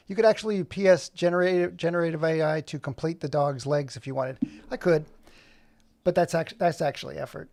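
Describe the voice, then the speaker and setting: A man's voice: a little high, brisk, a little mellow. A middle-aged man talking through an animation tutorial as he works, chatty and self-mocking, muttering to himself. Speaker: video creator. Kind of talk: screen-recorded tutorial with running commentary.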